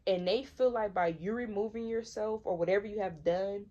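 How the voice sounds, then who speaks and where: The audio is dull, carrying a medium-pitched, dark-toned female voice at normal speed. A tarot reader in her twenties from Michigan, she keeps things conversational and slangy, hammering points through repetition.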